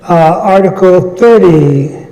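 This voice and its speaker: A man moderating a town meeting, calling articles and votes in a brisk, procedural way with light asides. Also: high-pitched, dark tone. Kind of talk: running a public meeting. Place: large meeting hall. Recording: echoey hall with long reverb.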